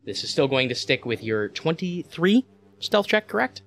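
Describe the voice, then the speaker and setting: A man's voice: on the high side, sing-song, normal speed, vocal fry, noisy background. A man narrating as game master, rambling with lots of filler words.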